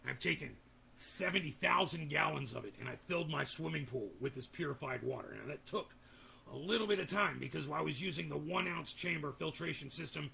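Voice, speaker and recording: A man doing a booming, boastful online pitchman. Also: brisk, vocal fry, sharp tone, a little hiss or hum, exaggerated voice. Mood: hard-selling. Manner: booming hard-sell, boastful superlatives. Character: bombastic male online water-filter pitchman.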